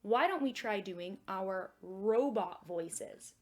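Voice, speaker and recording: A young woman leading a children's music and magic lesson in a gentle, encouraging way that is exaggerated for kids. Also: mid-range voice, lively intonation, slow pace.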